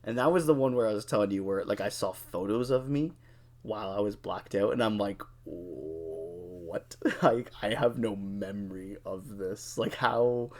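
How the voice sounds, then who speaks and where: A young adult man co-hosting a podcast, telling a drinking story in a casual, animated way, swearing freely and acting out what people said. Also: fairly low pitch, normal speed. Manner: animated, profane, acts out quotes. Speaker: podcast co-host.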